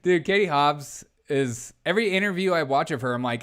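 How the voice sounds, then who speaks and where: A man's voice: fairly high pitch, expressive, brisk, few pauses, fairly bright tone, smooth. A man hosting a casual political live stream, joking and sarcastic, laughing often as he reacts to clips and chat.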